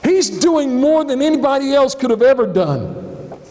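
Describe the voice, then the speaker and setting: A man preaching a sermon as a pastor, telling the story in an animated way and acting out the scene. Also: very high-pitched, normal speed. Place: church. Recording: long church hall reverb.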